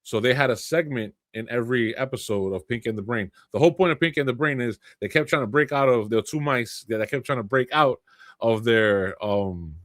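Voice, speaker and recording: A man co-hosting a gaming podcast tells a story in an animated way. He often restarts his sentences. His voice sits at a middle pitch, and the sound is dry and close to the mic. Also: brisk, dry recording. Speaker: podcast co-host. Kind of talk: casual chat.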